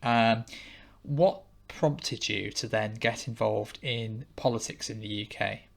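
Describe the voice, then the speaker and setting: A man hosting a podcast interview, measured and summarizing his guest's points. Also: on the low side, creaky. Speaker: podcast host. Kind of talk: interview questions.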